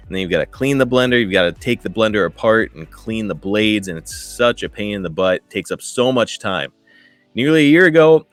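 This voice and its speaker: Man in his thirties, low voice, dry close mic, casual enthusiastic podcast co-host. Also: no echo. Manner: casual, enthusiastic, uses "dude" and "guys". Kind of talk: podcast ad read and interview.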